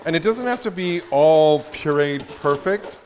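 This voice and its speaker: A man's voice: fairly high pitch, animated, unhurried, darkish tone, slight background noise. A man hosting a cooking show from a cottage kitchen, chatting and explaining as he cooks. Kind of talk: casual cooking demo.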